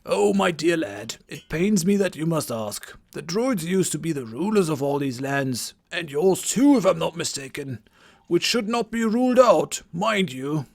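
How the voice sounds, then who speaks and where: A man voicing an eccentric old male druid hermit with a strained, reedy old voice, rambling slowly and condescendingly. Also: fairly high pitch, big pitch swings, gravelly, voice pushed up, full character voice.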